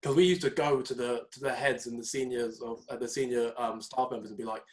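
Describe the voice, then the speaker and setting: A young man, co-hosting a podcast and telling stories in a casual, animated way. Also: mid-range voice, a little fast. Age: young adult. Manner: animated storytelling, mimics people in raised voices. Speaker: podcast co-host. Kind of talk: casual chat.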